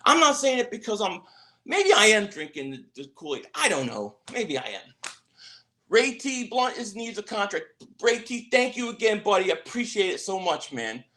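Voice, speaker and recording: Man, high voice, excitable livestream host, stumbling restarts, chatting with viewers. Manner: reads out and answers viewer chat. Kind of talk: casual livestream chat.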